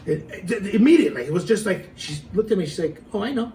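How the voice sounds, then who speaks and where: A middle-aged man telling a story in a casual, animated way, acting out the quotes and laughing as he goes. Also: sits high, fast, far from the mic, a little hiss or hum, poor audio.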